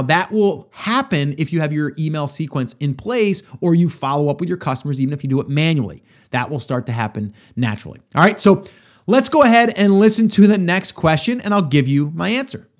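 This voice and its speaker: A man hosting a business podcast, giving casual advice in an enthusiastic, repetitive way and often checking in with "okay?". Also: fairly high pitch. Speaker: podcast host.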